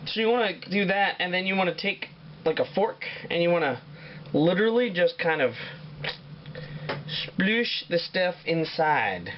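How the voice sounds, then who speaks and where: Crude, animated man hosting a home cooking show. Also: high voice, measured pace, highs cut off, slight background noise. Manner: profane, joking, rambling. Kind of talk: casual cooking demo with crude jokes. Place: home kitchen.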